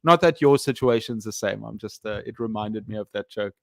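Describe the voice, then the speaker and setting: A man's voice: fairly low pitch, a little fast, vocal fry, dry recording, studio quality. A man who teaches English, chatting casually on a live stream, often hesitant with fillers and restarts.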